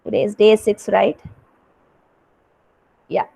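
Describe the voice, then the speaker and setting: A woman teaching a kindergarten class online, talking in an animated, sing-song way for small children over a video call. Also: mid-range voice, takes it slowly, vocal fry. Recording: dull lo-fi video call audio.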